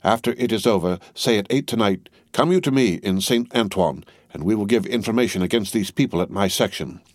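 A man reading the part of a stern, ruthless middle-aged female revolutionary, speaking in a cold, commanding, deliberate way. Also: on the low side, no echo, lightly acted.

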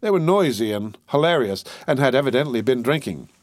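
A man narrating an audiobook in a steady, measured reading. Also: mid-range voice, no echo.

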